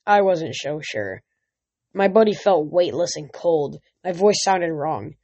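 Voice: medium pitch, animated, slow pace, warm tone. A reader narrating a fantasy novel aloud at home, stumbling and restarting words often, in a dull lo-fi recording. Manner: reads with frequent slips and restarts. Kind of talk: amateur audiobook reading.

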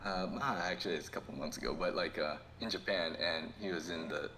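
Podcast guy rambling and laughing thru his stories, bright voice, faint hiss behind. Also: deep voice, fairly quick. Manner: rambling, laughs often, animated when telling stories. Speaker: podcast co-host. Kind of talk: casual chat.

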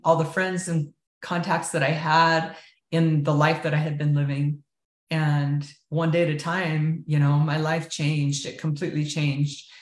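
Woman, low voice, earnest candid testimony, interview guest, roomy echo. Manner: earnest, candid storytelling with frequent fillers. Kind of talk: personal faith testimony in an interview.

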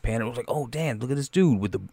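A man riffs on a movie trailer, loud and full of laughter, swearing freely in slangy speech. He has a middle-pitched voice. The sound is dry and close, with no room echo. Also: expressive, racing. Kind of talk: profane comedic trailer reaction.

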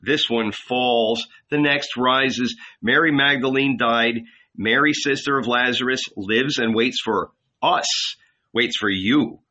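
A man voicing a gentle male guardian angel who soothes and coaxes in a slow, quiet, persuasive manner. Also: mid-range voice, dull audio. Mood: consoling.

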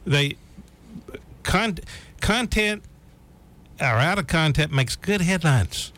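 A man's voice: fairly high pitch, lively intonation, fairly bright tone. A man chatting casually about politics on a talk show, folksy and repetitive, often drawing out his words. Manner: folksy, repeats himself, drawn-out phrasing.

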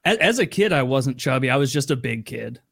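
A man's voice: mid-range voice, sing-song, brisk, creaky, a bit bright, husky, no room sound, studio quality. A man in casual podcast chat, joking and chiming in with frequent "like" fillers. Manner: jokey, laughing interjections, many fillers.

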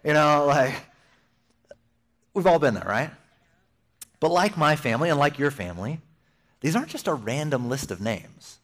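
Animated young male pastor preaching. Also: fairly high pitch, normal speed, pauses often. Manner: conversational and animated, with playful asides and acted-out quotes. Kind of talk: sermon.

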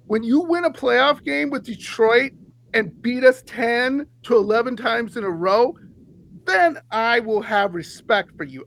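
A man hosting a sports podcast, ranting in an animated, heated way and laughing often. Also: extremely high pitch, normal speed, creaky, poor audio. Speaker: podcast host.

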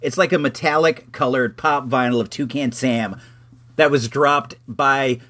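A man's voice: medium pitch, steady tone, measured pace, a bit bright. Rambling male radio host. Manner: rambling, chatty, with many fillers. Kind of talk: casual radio segment monologue.

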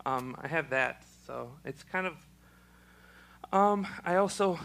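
A young man, speaking haltingly in an interview with a choked, froggy-sounding voice. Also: medium pitch, creaky, fairly bright tone, a little hiss or hum, poor audio. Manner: halting, with many ums and restarts. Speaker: special education teacher. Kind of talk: casual personal testimony.

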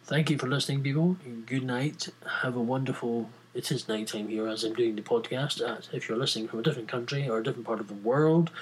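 A man's voice: mid-range voice, slight background noise, low-quality recording. A man hosting a podcast on his own, chatting casually in a rambling, jokey, self-mocking way. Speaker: podcast host. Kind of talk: casual solo podcast chat.

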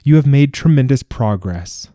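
A man's voice: medium pitch, animated, normal speed, warm tone, no echo, clean studio sound, voice pushed up, natural voice. A man voicing an ancient immortal desert king who speaks in a formal, stately way. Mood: courteous.

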